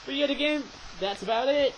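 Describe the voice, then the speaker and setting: A man's voice: very high voice, fairly quick, poor audio. A man chatting through a casual toy review, rambling on and tagging his sentences with "eh?". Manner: rambling, chatty, tags lines with "eh?"; raising his voice over train noise. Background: toy train running.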